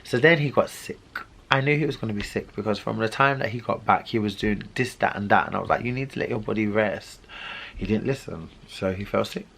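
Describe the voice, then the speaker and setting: A man's voice: fairly low pitch, a little fast, gravelly, fairly bright tone, slight background noise. A young man telling a dramatic personal story in a vlog, acting out quoted dialogue as he goes. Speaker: vlogger.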